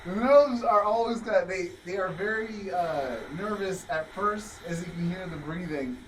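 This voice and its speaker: Giggly high-voiced man streaming from afar. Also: unhurried, slight background noise. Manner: giggly, rambling with many restarts. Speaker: talk show host. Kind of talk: casual livestream chat. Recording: distant mic with music behind. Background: music.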